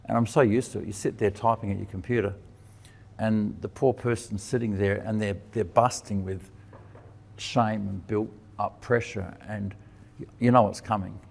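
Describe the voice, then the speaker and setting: A man's voice: fairly low pitch, fairly even intonation, moderate pace, gravelly, darkish tone. A man giving a conversational sermon. He asks questions and answers them himself, and he acts out the quoted lines of dialogue with changes in his voice. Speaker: preacher and teacher. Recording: long reverb of a hall.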